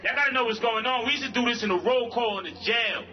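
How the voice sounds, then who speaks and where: A man from Brooklyn giving a protest rally speech, shouting call-and-response lines in street slang. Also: very high voice, quick pace, music in the background. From Brooklyn, New York. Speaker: rally speaker, violence-prevention worker. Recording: lo-fi livestream with crowd. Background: faint crowd.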